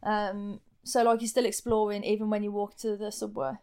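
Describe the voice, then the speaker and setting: Brief: young woman, thick Midlands accent, smooth clear voice, chatty and wry podcast co-host. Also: medium pitch, level tone, moderate pace, a little mellow. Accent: strong Midlands English. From England. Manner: rambling, filler-heavy, wry. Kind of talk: casual chat.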